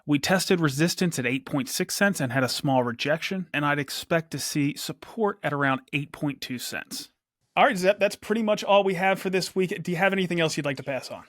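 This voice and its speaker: Man, host, weekly crypto rundown, slightly high voice, dry close sound. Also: a little fast, a bit bright, no echo. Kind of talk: casual crypto news chat.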